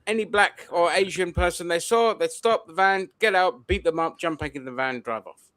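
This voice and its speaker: A man's voice: sits high, normal speed, a bit bright, no room sound. A man in a casual political discussion who talks bluntly and swears freely.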